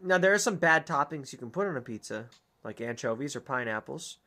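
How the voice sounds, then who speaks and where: In casual let's-play commentary, a young streamer reads a dating game out loud, goofy and joking with plenty of swearing. Her very deep voice is expressive, bright and forceful, and she talks fairly quickly.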